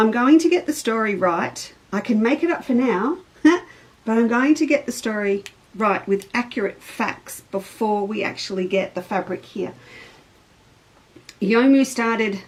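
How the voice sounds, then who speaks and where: A middle-aged woman, a fabric designer, hosts a casual show-and-tell chat in a voice on the high side. She rambles through a story in an easy, talkative way, captured on a low-quality recording.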